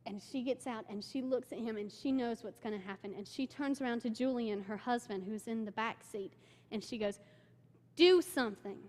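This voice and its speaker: A woman's voice: fairly high pitch, brisk. Chatty young woman in a reverberant church. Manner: excitable storytelling, many "like" fillers. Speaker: church member giving a mission trip report. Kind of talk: informal talk with slides. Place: church sanctuary. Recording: long hall reverb.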